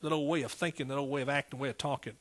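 A man's voice: mid-range voice, steady tone, rapid-fire, fairly bright tone. A middle-aged man with an East Texas accent preaching a sermon in a folksy, call-and-response manner. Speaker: pastor.

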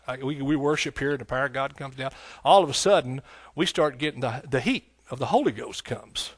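A pastor in a church sanctuary preaches to his congregation, starting folksy and conversational before building to emphatic passages with scripture quotes. His medium-pitched voice is slightly rough and a little fast, with hardly any pauses. The recording has no room sound.

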